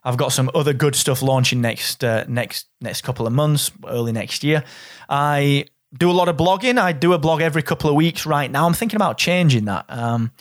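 A blunt, straight-talking man from the north of England hosts his own podcast, pushing and coaxing the listener with lively energy. His voice sits a little high for a man, and he drops in the odd swear word without a second thought. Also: fairly quick. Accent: Northern English. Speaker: podcast host. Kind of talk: solo podcast monologue.

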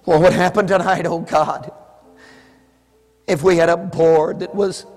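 Male preacher, fervent rhythmic pleading, hushed to shouted, recorded in a reverberant hall. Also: high-pitched, steady tone, measured pace, long pauses, faint music behind. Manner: impassioned pleading prayer, swinging from hushed to shouted; repetitive, rhythmic calls. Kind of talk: sermon. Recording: echoey hall with long reverb.

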